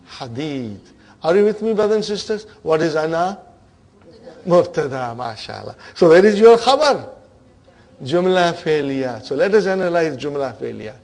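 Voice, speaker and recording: Guy teaching arabic grammar, talks slow and kinda high, keeps asking the class if they're with him. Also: sing-song, darkish tone. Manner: quizzes students with repeated questions like "are you with me?"; drops his voice to a murmur on praise words.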